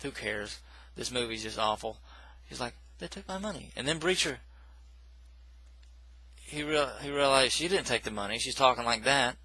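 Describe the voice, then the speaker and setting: Homem de voz brilhante resmungando sobre um filme. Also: male voice, medium pitch, normal speed, pushed and bright, rough recording. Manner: rambling, self-correcting, dismissive asides. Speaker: movie reviewer. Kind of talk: casual spoken film recap.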